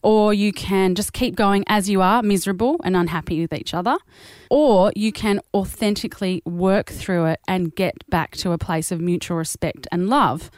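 Woman co-host chatting openly, middle pitch, dry close mic. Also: moderate pace, hardly any pauses, dry recording. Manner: candid and conversational, quoting others. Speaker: podcast co-host. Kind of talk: casual chat.

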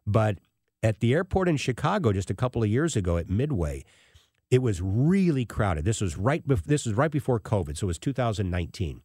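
A male radio talk host with a lowish voice that swoops up and down as he tells his story. His delivery is emphatic and animated, and it sounds close and dry in the studio. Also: brisk, husky, no echo.

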